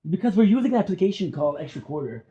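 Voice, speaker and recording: A gaming streamer venting to his viewers in a casual vlog, a man who curses and says the same thing over and over. His voice is mellow and dark in tone. The recording is dull and lo-fi, as if made on a phone. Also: high-pitched, big pitch swings, very fast, breathy edge. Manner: frustrated, swearing, repeating himself.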